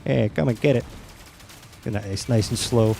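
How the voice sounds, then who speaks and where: A man streaming a game, chatting casually with teammates in a relaxed, rambling way with many fillers. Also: medium pitch, normal speed, creaky, faint music behind. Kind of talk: casual gaming chat.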